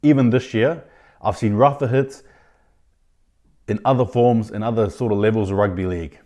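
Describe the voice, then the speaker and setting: A man hosting his own rugby league podcast, giving indignant opinions in a ranting style, with sudden loud outbursts of disbelief. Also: on the low side, normal speed. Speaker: podcast host. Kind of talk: opinionated sports commentary.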